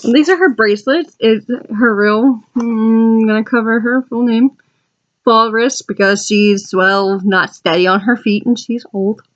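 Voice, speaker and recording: A woman vlogger with a slightly high voice chats casually and enthusiastically at an unhurried pace, rambling as she flips through her journal and adding asides to viewers. The audio sounds dull.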